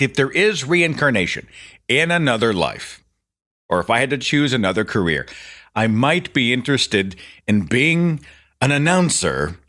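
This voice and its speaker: A man's voice: fairly low pitch, pushed and bright. A man hosting a podcast, telling rambling, self-deprecating stories in a casual stream-of-consciousness monologue. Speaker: podcast host.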